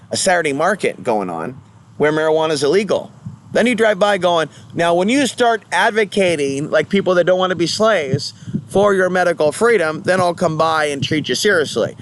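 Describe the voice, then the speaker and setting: A man rambling through a casual vlog monologue, jumping between topics with mocking sing-song asides. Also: fairly high pitch. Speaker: vlogger.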